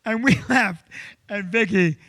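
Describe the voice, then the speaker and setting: Casting: high-pitched, sharp-toned male comic storyteller, animated and loud. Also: measured pace, dry recording. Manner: animated, loud, acts out quotes. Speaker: comedian co-host.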